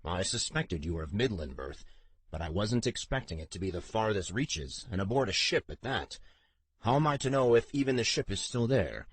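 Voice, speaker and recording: A man voicing a soft-spoken older male court official who talks in a formal, measured, gently reassuring way. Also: fairly low pitch, expressive, slightly rough, no echo. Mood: probing.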